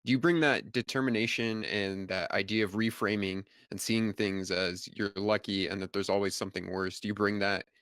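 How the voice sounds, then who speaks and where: Low-voiced man, dry close sound. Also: steady tone, moderate pace, few pauses, fairly bright tone, no echo. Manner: brief encouraging reactions, thoughtful questions. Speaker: podcast host. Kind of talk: interview.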